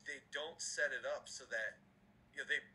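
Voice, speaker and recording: A man who coaches throwing, talking in a casual podcast chat, animated and swearing casually. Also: medium pitch, moderate pace, a little hiss or hum, rough recording.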